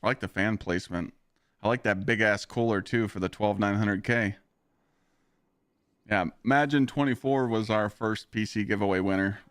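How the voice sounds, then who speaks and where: A man's voice: fairly low pitch, normal speed, fairly bright tone, clean tone, no echo, studio quality. A man live-streaming games, chatting casually with his viewers, ranting with lots of swearing and frequent laughter. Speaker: gaming streamer.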